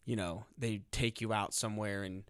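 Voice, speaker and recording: A young man co-hosting a casual podcast chat, hesitant and halting when put on the spot. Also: lowish voice, fairly even intonation, smooth, no echo, clean studio sound. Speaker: podcast co-host.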